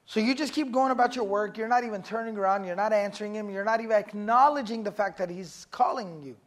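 A man teaching a class in a relaxed, conversational way. He asks the group questions and slips into acted-out stories to make his points. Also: sits high, quick pace, few pauses. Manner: casual, asks the audience questions, acts out stories. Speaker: religious teacher. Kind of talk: Islamic lecture to a class.

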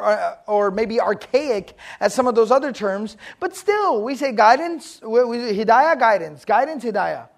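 A man from Texas with a Texan accent, lecturing a class on Quranic Arabic terms in a joking, lively way that quizzes his listeners. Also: very high-pitched. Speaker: Islamic studies teacher.

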